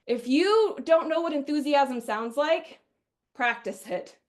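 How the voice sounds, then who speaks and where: High voiced middle aged woman from wisconsin running a sales webinar, bubbly and chatty. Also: takes it slowly. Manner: energetic, chatty, often acts out quoted customers. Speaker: sales trainer. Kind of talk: webinar training talk.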